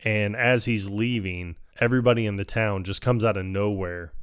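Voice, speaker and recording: A man's voice: on the low side, fairly even intonation, moderate pace, clean tone, dry recording, clean studio sound. A man co-hosting a podcast, casually retelling film scenes, laughing often and acting out lines. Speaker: podcast co-host.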